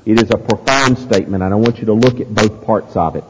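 A male pastor delivering an expository sermon, speaking in an emphatic, deliberate preaching manner. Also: lowish voice. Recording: long hall reverb, loud hiss.

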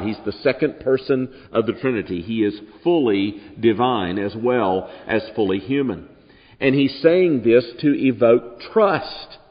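Emphatic male pastor in a reverberant hall. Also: medium pitch. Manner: emphatic, slows down to stress words. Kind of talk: sermon. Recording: distant hall reverb, dull lo-fi sound.

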